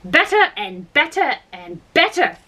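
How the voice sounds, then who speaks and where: A dotty, dramatic storybook queen, put on by a woman reading aloud. The voice sits a little lower and sounds careless and fussy. It moves slowly, with a bright tone. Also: sing-song, heavily acted, poor audio. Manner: careless tone, breaks into shrill screaming.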